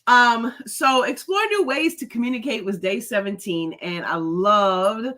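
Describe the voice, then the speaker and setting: A woman's voice: on the high side, unhurried, fairly bright tone. A middle-aged woman hosting a casual live stream, chatty and laughing often as she greets viewers by name. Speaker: host.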